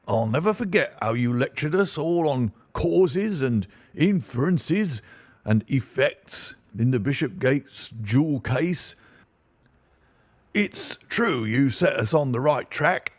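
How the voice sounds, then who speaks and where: A man voicing a stout, blustering middle-aged police inspector with a muffled, husky, wheezing voice in an audiobook. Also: a little high, dry recording, voice pushed up. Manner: pompous, brash and self-satisfied. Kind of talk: audiobook reading.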